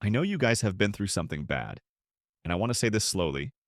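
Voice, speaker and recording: Man reading calm male airline captain, earnest, low voice, dry sound. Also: fast, no room sound.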